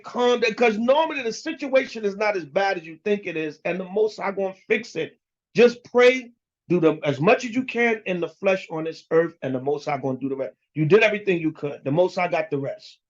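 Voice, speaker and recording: A man preaching a casual, slangy scripture lesson, blunt and emphatic, talking straight to his listeners. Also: high voice. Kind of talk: casual street-style sermon. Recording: dull lo-fi recording.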